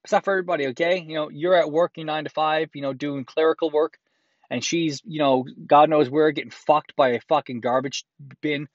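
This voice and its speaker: A man's voice: on the high side, steady tone, a little fast, dry recording, highs cut off. A man reads a listener's letter aloud and breaks in with crude, profane, sarcastic comments. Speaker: host reading a listener's letter.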